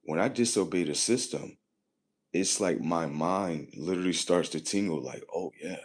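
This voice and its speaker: A man with a very low voice and a husky, grainy edge talks casually to his livestream. He rambles and repeats himself, swears often, and shifts between low muttering and louder, punchier bursts. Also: normal speed. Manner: rambling, repetitive and profane, drifting between muttering and loud emphasis. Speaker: livestream host.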